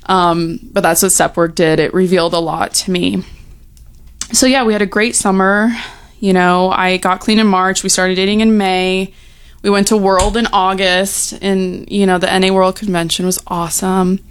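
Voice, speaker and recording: A young woman speaks openly about her own life, her mid-pitched voice catching in a gravelly fry. She talks in a frank, heartfelt way, leaning on "you know" and "like", and at times she sounds close to tears. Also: little pitch movement, moderate pace. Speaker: recovery storyteller. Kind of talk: personal testimony, casual.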